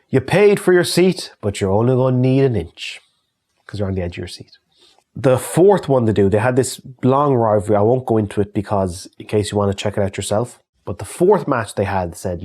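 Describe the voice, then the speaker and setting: Irish man, thirties, slightly low voice, chatty, swears freely, casual fan Q&A. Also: a little mellow. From Ireland. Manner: chatty and swears freely, reads questions aloud. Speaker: YouTube creator answering fan questions. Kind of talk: casual solo Q&A chat.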